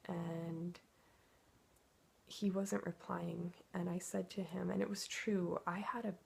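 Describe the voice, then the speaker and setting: A woman with a gravelly, husky voice pours out a personal story, confessional and emotional. She sits fairly low in pitch, with lots of vocal fry, and keeps slipping into quoted thoughts. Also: level tone, slow, a little mellow. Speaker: twin flame coach.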